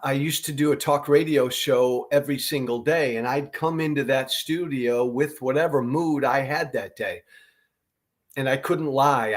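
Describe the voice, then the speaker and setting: A middle-aged man from the United States giving earnest, emphatic commentary to camera as a show host, often repeating his key phrases. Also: mid-range voice.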